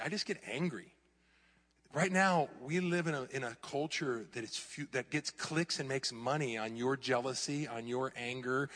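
A middle-aged male pastor preaching an animated sermon in a church, sometimes mocking clickbait headlines in a raised voice. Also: mid-range voice, in a large hall. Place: church hall.

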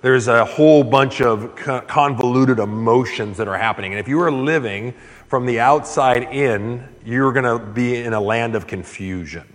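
Male pastor, mid-pitched voice, preaching with earnest build-ups, long hall reverb. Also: moderate pace. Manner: earnest, surges louder and higher on key points. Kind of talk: sermon.

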